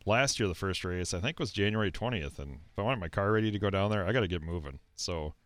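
A man's voice: low-pitched, animated, quick pace, fairly bright tone, no room sound, faint music behind. A man co-hosting a racing talk show, chatting in an easygoing, joking, rambling way. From South Dakota. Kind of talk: casual chat.

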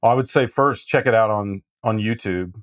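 Lower-voiced guy cracking jokes as co-host, dry sound. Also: moderate pace, no room sound. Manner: joking, chatty asides. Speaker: livestream co-host. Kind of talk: casual live show banter.

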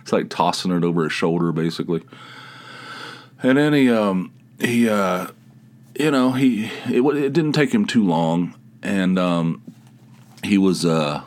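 A man with a very low, deep voice hosts his podcast alone, letting his stories wander in a loose, casual monologue. He gripes about everyday annoyances with wry, crude humor and a self-mocking edge. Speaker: podcast host.

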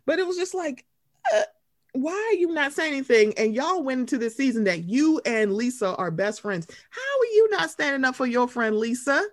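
A woman co-hosting a podcast, chatting emphatically and swearing freely, jumping up in pitch when she quotes people. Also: normal speed, no echo, clean studio sound. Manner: animated, emphatic, profane, swoops up when quoting. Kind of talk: casual chat.

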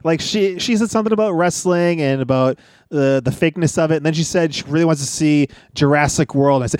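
A man with a high voice talks through his ideas on a podcast, rambling and full of fillers. The recording is dry and close. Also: lively intonation, fairly quick, no echo. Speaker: podcast co-host. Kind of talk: casual podcast chat.

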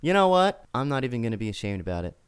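A man hosting a casual podcast chat, excitable and given to sudden high exclamations. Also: very fast, clear, resonant tone. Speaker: podcast host.

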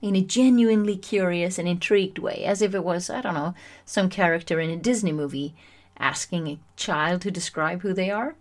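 A woman hosting a solo self-help podcast, chatty and animated, often poking fun at herself. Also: fairly low pitch, fairly quick. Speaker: podcast host.

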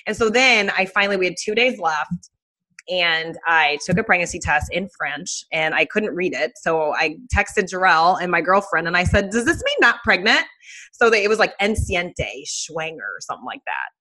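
A woman in her thirties, a guest telling a personal story in a casual, animated way with many fillers. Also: lowish voice, normal speed.

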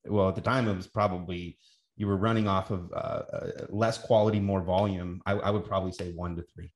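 A man's voice: sits low, fairly even intonation, a little fast, a little hiss or hum. A man hosting a casual interview, asking rambling questions with restarts. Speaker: podcast host. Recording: roomy echo.

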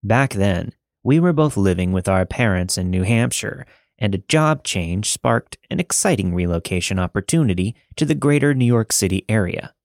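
A man, the podcast host, reading a listener's first-person story in a steady, measured narration. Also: on the low side, gravelly, no echo, clean studio sound.

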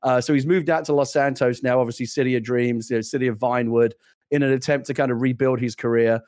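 A middle-aged British man tells a story in casual chat, rattling along at a brisk clip. He laughs often and restarts his sentences as the ideas tumble out. His voice sounds close and dry, with no room around it. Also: medium pitch, fairly even intonation, a little mellow, dry recording. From Britain. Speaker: podcast co-host.

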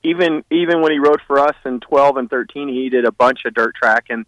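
A man talking as a guest on a racing radio show, relaxed and rambling, with lots of fillers. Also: mid-range voice, brisk, no room sound, rough recording. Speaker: guest, racing team owner. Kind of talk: casual phone interview.

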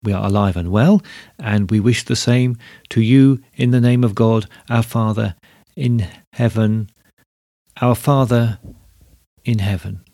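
A man's voice: fairly low pitch, steady tone, unhurried, pauses often, warm tone, no room sound, studio quality. A man voicing Vasilia, a worried old peasant woman. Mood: anxious, cross. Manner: cross, suspicious, pleading.

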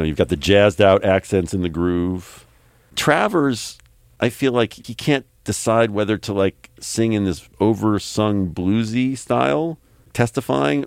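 A man's voice: fairly low pitch, darkish tone, smooth, dry recording, clean studio sound. A man co-hosting a podcast, chatting casually and wryly picking apart a song's performance. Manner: wry, opinionated, mock-sings quotes. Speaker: podcast co-host. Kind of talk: casual music review chat.

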